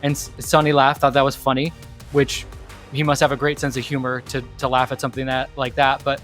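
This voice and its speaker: A man co-hosting a podcast, telling a story in a lively, casual way with lots of "like" and restarts. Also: medium pitch, fairly quick, soft background music. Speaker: podcast co-host.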